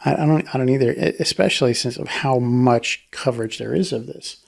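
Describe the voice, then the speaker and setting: A man co-hosting a casual podcast discussion, rambling with many restarts and acting out quotes in a higher voice. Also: fairly quick, vocal fry. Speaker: podcast co-host.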